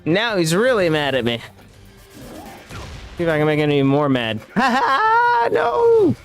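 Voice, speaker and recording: Animated, profane man streaming a game. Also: on the high side, moderate pace, soft background music. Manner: profane, reactive trash talk. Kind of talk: live gameplay commentary.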